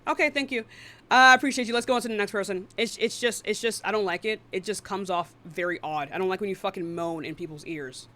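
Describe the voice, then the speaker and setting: A woman hosting a live online debate stream, blunt and profane, quick to cut people off. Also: medium pitch, sharp tone.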